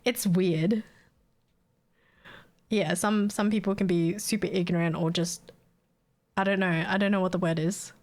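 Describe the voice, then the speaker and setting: A woman's voice: lowish voice, fairly even intonation, unhurried, pauses often, a little mellow. Woman, Australian accent, young adult, casual streamer chat, blunt, swears a lot. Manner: blunt, sweary, laughs often.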